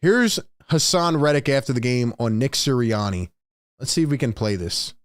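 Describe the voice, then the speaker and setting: A man's voice: mid-range voice, expressive, normal speed, no echo. Dry-voiced ranting sports streamer, a man. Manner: exasperated, ranting. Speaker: sports talk host. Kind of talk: live-stream commentary.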